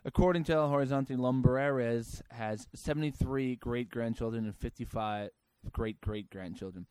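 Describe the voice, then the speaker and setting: A man's voice: mid-range voice, moderate pace, a little mellow, smooth, no echo. A man hosting a comedy show, reading out news stories and ranting about them in a sarcastic, crude way. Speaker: podcast host.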